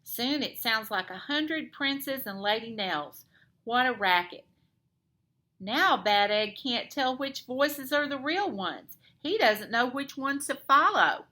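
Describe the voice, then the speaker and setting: A woman teacher reads a picture book aloud, her voice bright and high with a very lively rise and fall. She takes her time, drawing out each line slowly for young listeners. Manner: expressive storytime narration. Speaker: elementary school teacher.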